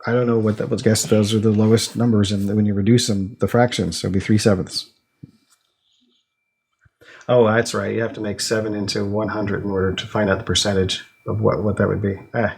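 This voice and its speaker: A man's voice: on the low side, level tone, brisk, creaky, a little mellow, husky. A man co-hosting a casual podcast, rambling through an idea aloud with many restarts. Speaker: podcast co-host. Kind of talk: casual chat.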